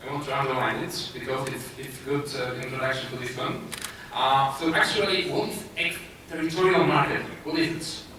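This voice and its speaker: A man's voice: medium pitch, steady tone, fairly quick, hardly any pauses. Polish-accented man in an echoey hall. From Poland. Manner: hesitant, many filler sounds and restarts. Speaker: conference speaker. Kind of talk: conference presentation. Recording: echoey hall, distant mic, noisy.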